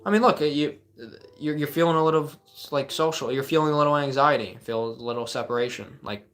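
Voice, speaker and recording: A man with a rather high, slightly bright voice talks briskly. He's a life coach answering chat questions on a live advice stream, casual and earnest, often saying "like" and starting his sentences over.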